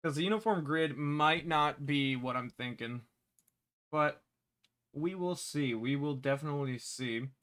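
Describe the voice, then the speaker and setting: Working indoors at his computer, a game developer thinks aloud through his code, pausing, muttering and correcting himself along the way. His voice is a little high, bright and forward. He has the hiccups.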